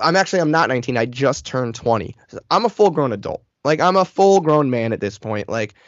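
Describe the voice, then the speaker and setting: A man in his thirties, a podcast co-host, telling an animated, profane, self-mocking story in casual chat. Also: on the high side, dry recording, highs cut off. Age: 30s.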